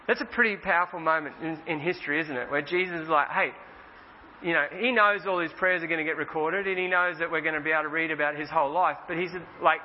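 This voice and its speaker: A high-voiced man preaches in a relaxed, chatty way and slows down to stress the scripture he reads. His voice carries a long reverb, as if from a church hall. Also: slight background noise. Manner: casual, conversational preaching with slow emphatic scripture reading. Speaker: pastor. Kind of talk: sermon. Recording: dull roomy hall sound.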